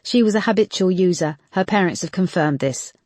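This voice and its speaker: A sharp woman detective, pressing with pointed questions during a case meeting, as an audiobook narrator puts her on. The voice sits close and dry. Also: mid-range voice, lively intonation, fairly quick, dry recording, voice pushed up, close to an everyday voice. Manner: probing questions.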